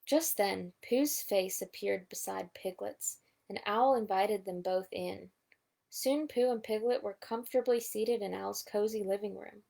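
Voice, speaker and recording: A woman's voice: mid-range voice, measured pace, vocal fry, mellow. A woman reading a children's storybook aloud, adding asides about the pictures. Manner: reads with asides pointing at pictures. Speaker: storybook reader. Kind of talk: bedtime story read-aloud.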